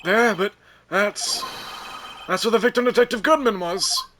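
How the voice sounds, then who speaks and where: A man's voice: high voice, unhurried, slight background noise. A man voicing a stern elderly male judge who barks orders over game music. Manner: loud, gavel-banging commands.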